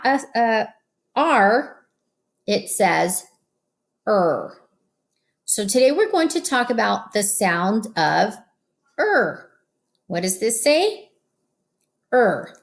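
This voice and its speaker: A woman teaching a phonics lesson to children, slow and patient, stretching out each sound. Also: medium pitch, gravelly.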